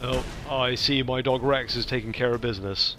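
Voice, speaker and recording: A man's voice: mid-range voice, fairly even intonation, a little fast, music in the background. A man, casually commenting on his gameplay with playful asides. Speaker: let's play host.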